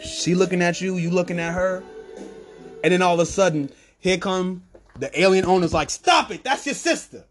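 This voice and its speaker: A man's voice: sits high, normal speed, faint music behind. A man hosting a podcast in a loose, rambling comedic monologue. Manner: animated storytelling with voiced bits, loose and rambling. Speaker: podcast host.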